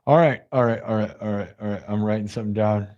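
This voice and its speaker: A man's voice: on the low side, steady tone, fast, a little mellow, muffled recording. A man hosting an improvised music and story livestream, talking casually and joking around with his viewers in a rambling way. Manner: playful, rambling, joking asides to chat.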